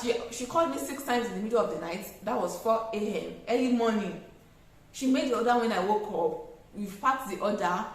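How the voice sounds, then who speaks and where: A young Nigerian woman with a Nigerian accent giving customer service tips in a casual vlog, animated and acting out exchanges with customers. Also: fairly high pitch, heavy reverb, low-quality recording. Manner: animated, acts out customer exchanges, laughs often. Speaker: small business owner giving tips.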